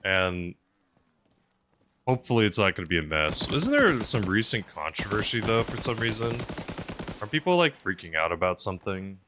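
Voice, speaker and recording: A man streaming a game, chatting casually and rambling aloud, swinging between loud bursts and mumbled asides. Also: on the low side, sing-song, moderate pace, noisy background. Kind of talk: casual live-stream commentary while playing.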